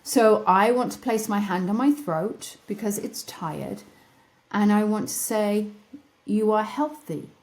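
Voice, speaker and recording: A middle-aged woman hosting a podcast, her voice tired, leading listeners through a gentle guided wellness exercise with repeated soft questions and playful self-mocking asides. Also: mid-range voice, measured pace. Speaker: podcast host.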